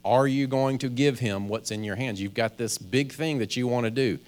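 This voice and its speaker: A man's voice: medium pitch, normal speed. A man, a pastor, giving a conversational sermon, often acting out people's inner thoughts and restarting his sentences. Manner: conversational preaching, acts out inner voices, stammers on restarts.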